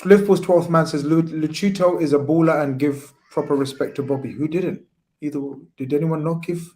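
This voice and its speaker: A man's voice: on the high side, fairly quick, dark tone. A man hosting a football call-in stream, tired and winding down after hours on air. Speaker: host. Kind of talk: casual football call-in chat.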